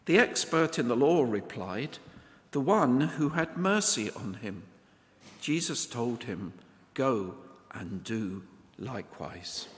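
Male scripture reader, unhurried and solemn, in a reverberant church. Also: mid-range voice, lively intonation. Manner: measured, solemn reading. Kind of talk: Bible reading in church.

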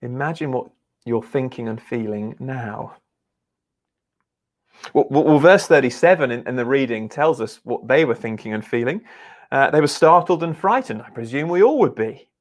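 Male preacher, mid pitch, earnest and halting, sermon delivery. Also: animated. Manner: earnest, halting with repeated restarts.

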